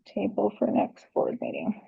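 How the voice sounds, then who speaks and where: Gravelly-voiced woman in a board meeting. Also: mid-range voice, huge pitch swings, moderate pace. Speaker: board member. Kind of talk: meeting discussion. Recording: muffled lo-fi meeting recording.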